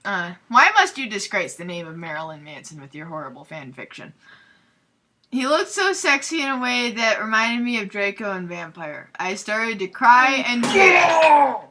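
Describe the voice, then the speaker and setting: A young woman hosting a comedic fanfiction readthrough, reading aloud with sarcastic, giggly, deadpan asides. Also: medium pitch, moderate pace, a little hiss or hum.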